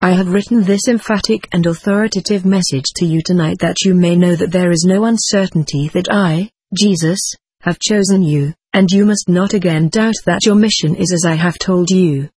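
A reader voicing Jesus as a solemn male spirit who speaks with authority, reading channeled spirit letters aloud in a steady, formal, measured way. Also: mid-range voice, breathy edge, no echo.

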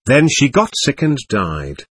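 A man reading aloud the words of a lost, lonely, childlike girl spirit from a séance record, in a plain, steady way. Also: medium pitch, measured pace, husky, full character voice. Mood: wistful.

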